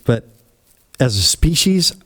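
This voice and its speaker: A man's voice: mid-range voice, big pitch swings, slow, fairly bright tone, husky, dry recording. Rambling man telling a story. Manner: rambling, acts out quoted dialogue; blunt and opinionated. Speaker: channel host. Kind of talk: casual storytelling monologue.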